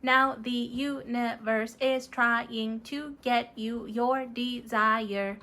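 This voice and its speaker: A woman voicing an earnest, polite robot puppet who reads tarot messages in a measured way, sprinkled with beeping noises. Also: a little high, steady tone, sharp tone, pitched above the performer's own voice, heavily acted. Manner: slow, measured delivery broken up by "beep boop" noises.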